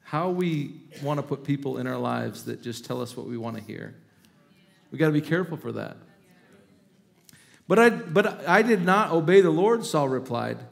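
A middle-aged man preaching from the pulpit, his voice sitting a little high for a man. He acts out the scripture he reads with sweeping rises and falls, then slips back into easy, chatty asides. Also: vocal fry. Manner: reads scripture aloud with dramatic emphasis, then talks casually and chuckles. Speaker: pastor. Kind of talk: sermon.

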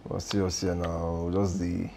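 A gravelly, easygoing Nigerian host. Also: male voice, low voice, little pitch movement, a little slow, a little hiss or hum. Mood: playful. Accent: Nigerian English with pidgin. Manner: playful, brushing off teasing. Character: easygoing young man hosting his friend. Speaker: host of the meal. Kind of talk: film dialogue. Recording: film scene with loud music.

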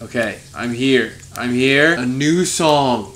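A young man giving let's-play commentary on his own playthrough, swearing and swinging from frustrated muttering to excited yelling. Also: medium pitch, takes it slowly, few pauses, slight background noise. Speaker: gaming video host.

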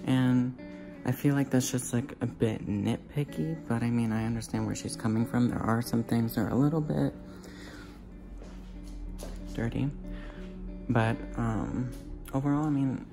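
Slow-talking young man vlogging from a car. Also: medium pitch, creaky, music in the background. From Florida. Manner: nostalgic, gushing, repeats himself. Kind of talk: casual vlog, driving tour.

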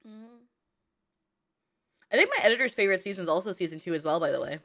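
A young woman chatting casually as she reacts to an anime movie, emotional and slangy, quick to laugh and tear up. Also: lowish voice, expressive, pushed and bright.

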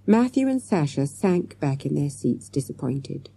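A woman reading a children's story aloud as an audiobook, in a lively, expressive way. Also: low voice, measured pace, vocal fry, husky. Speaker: audiobook reader. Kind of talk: scripted children's story narration.

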